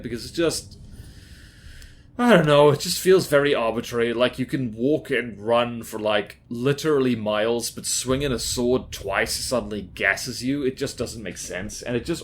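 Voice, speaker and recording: A man's voice: mid-range voice, slight background noise. A man giving casual gameplay commentary as a YouTuber, talking in a chatty, rambling, self-deprecating way with lots of fillers. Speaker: gaming YouTuber.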